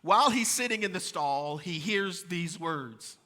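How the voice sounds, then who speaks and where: A male pastor preaching a sermon, with animated stories and asides to the congregation. His voice is bright and a bit high. It rings out in a church sanctuary with long reverb. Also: measured pace. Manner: storytelling, animated, addresses congregation.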